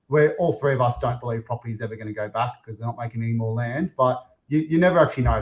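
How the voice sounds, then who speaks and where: Chatty Australian man, mid pitch. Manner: chatty, acts out clients' voices. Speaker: podcast host, property investor. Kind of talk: casual podcast chat.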